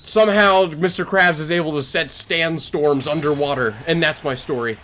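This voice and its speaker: A man's voice: a little high, normal speed, slight background noise. A young man streaming, rambling through improvised silly stories with many fillers. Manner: rambling, filler-heavy, animated. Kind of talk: improvised storytelling to chat. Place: home streaming setup.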